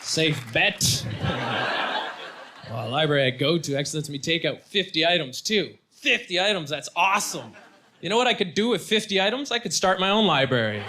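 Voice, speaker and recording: A man's voice: a little high, lively intonation, a little fast. A man performing stand-up comedy with punchy, self-deprecating delivery. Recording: live show with loud crowd and noise. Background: audience laughter.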